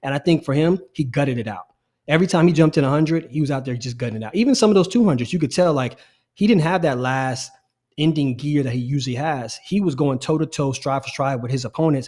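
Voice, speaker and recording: A middle-aged man co-hosting a casual sports podcast, animated and repeating his phrases as he talks. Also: medium pitch, quick pace. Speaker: podcast co-host.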